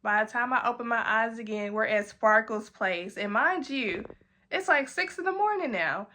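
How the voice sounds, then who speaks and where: Bright animated young woman telling a story. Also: moderate pace. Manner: animated, acts out quotes in a high voice, swears and laughs. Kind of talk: casual storytime.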